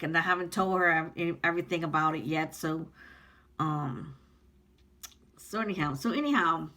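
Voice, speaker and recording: A woman talks earnestly to her viewers in a personal vlog, rambling and heartfelt, with many pauses and ums. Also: on the low side, bright, forceful tone. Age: 50s. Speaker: vlogger. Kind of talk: personal vlog talking to camera.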